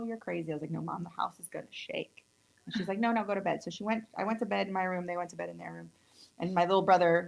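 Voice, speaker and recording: This nail tech instructor, a woman in her thirties from California, has a fairly low, gravelly voice heard on a low-quality recording. Chatty and upbeat, she talks through a casual nail tutorial demo and can't stop gushing over the colors.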